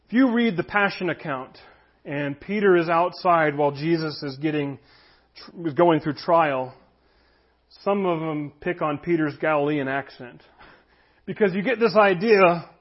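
In a church room before his congregation, a pastor with a slightly high voice preaches a conversational sermon. He reads scripture aloud and tells stories, and the audio sounds dull.

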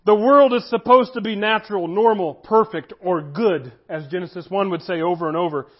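A man preaching a sermon as pastor, earnest, slowing down to stress key phrases. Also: high voice, highs cut off.

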